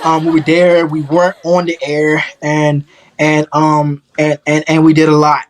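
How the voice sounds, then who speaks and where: A man's voice: fairly high pitch, completely flat delivery, a little slow. Upbeat talk show host, chatty man. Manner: upbeat, chatty, addresses the audience directly. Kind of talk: opening monologue to a studio audience.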